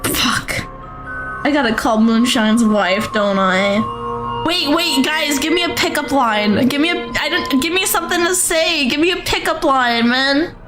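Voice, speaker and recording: A very high, squeaky cartoon guy, acted by a performer, swaggers through slow, drawn-out boasts, then falls into nervous babbling. A loud music bed runs under the voice throughout. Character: boastful cartoon guy who turns jittery. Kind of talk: animated comedy sketch.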